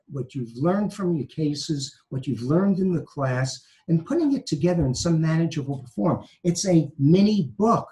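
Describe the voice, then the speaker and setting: Man, law professor, Brooklyn accent, emphatic, repeats phrases, slightly higher voice. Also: dark tone, rough recording. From New York. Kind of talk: conversational advice talk.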